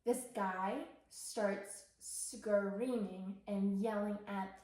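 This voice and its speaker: A woman's voice: mid-range voice, extremely slow. Young woman rambling in a very echoey room. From Canada. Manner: rambling, many fillers, animated retelling. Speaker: podcast co-host. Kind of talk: casual storytelling chat.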